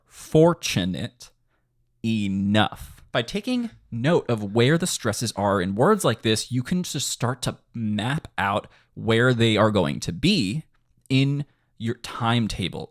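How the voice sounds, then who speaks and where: Lively, low-voiced man teaching music. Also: dry recording, clean studio sound. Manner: animated, quick bursts, sings snippets of lyrics. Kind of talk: casual tutorial explanation.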